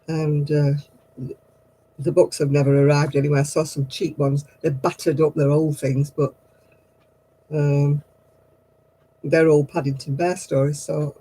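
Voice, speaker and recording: A woman's voice: sits low, warm tone, breathy edge, low-quality recording. A woman hosting a livestream craft night, who chats casually, tells stories and laughs at herself often. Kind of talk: casual chat.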